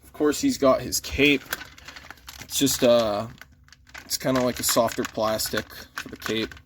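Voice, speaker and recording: A man's voice: mid-range voice, steady tone, unhurried, a bit bright, slight background noise. A man casually reviewing a toy figure in an easygoing, mild way, shrugging off small flaws. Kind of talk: casual chat.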